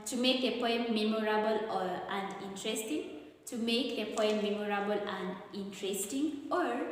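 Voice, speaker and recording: A Kenyan woman teaches an English revision lesson at a very slow, careful pace. She walks through each answer and repeats the key points. Her voice rings around a bare room with a long, lingering reverb. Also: medium pitch, a little hiss or hum. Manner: slow, deliberate explaining with repetition.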